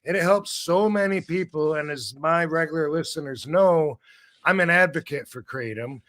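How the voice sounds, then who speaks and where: A middle-aged man hosting a casual live-stream chat, rambling and animated, swearing freely as he talks over a video call. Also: fairly high pitch, moderate pace. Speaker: show host. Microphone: video call setup.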